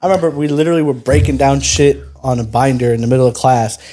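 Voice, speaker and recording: A man's voice: mid-range voice, fairly even intonation, fast talker, warm tone. A young man telling blunt, profane stories in a casual podcast chat. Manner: blunt, swearing freely. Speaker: podcast co-host.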